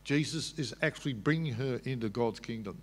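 A man's voice: medium pitch, fairly quick. A man at a public debate, explaining scripture patiently, with frequent restarts. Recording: long hall reverb.

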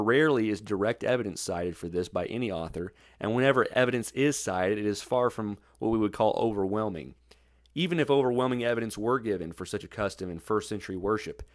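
A man narrating a scripted Bible study in a measured, methodical way. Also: fairly low pitch, dry recording, clean studio sound.

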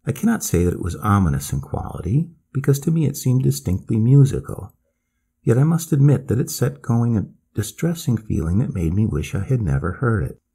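A man reading a classic ghost story aloud as bedtime narration, in a measured, expressive manner. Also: medium pitch, vocal fry, breathy edge.

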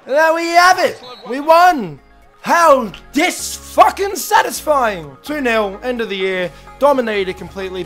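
A man commentating a football video game with constant swearing, frustrated outbursts and fast play-by-play. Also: high-pitched, fairly bright tone. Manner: foul-mouthed, frustrated outbursts and quick play-by-play. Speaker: gaming YouTuber.

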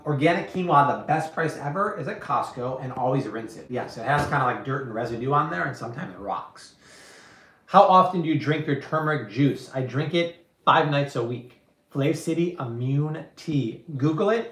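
Heard in a roomy space, this cooking show host has a mid-range, slightly bright voice. During his live stream he fields questions from viewers, talking loosely and with plenty of slang and emphasis.

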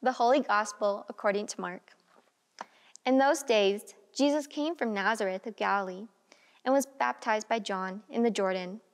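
A woman's voice: mid-range voice, normal speed. Woman reading scripture in a reverberant church. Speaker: scripture reader. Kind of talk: liturgical gospel reading.

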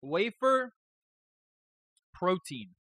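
A man hosts a live stream in loose, joking chat that drifts from topic to topic and includes some swearing. His voice is bright and forceful and sits slightly high. The sound is dry and close, with no room echo. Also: big pitch swings, very slow. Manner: rambling, joking, profane.

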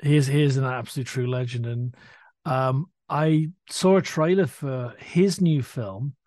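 A middle-aged man co-hosting a podcast, chatting enthusiastically with many halting restarts. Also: medium pitch, a little mellow, no room sound. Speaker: podcast co-host. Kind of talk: casual chat.

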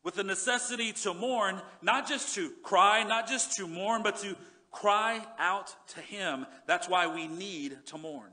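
A male pastor preaching a sermon in earnest, repeating words and dropping low and soft when he reads scripture. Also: unhurried. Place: church sanctuary.

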